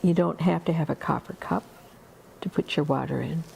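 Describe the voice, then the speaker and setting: A woman telling a story at a festival in an unhurried, conversational way, full of asides. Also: sits low, gravelly, a little mellow, a little hiss or hum. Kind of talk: oral storytelling.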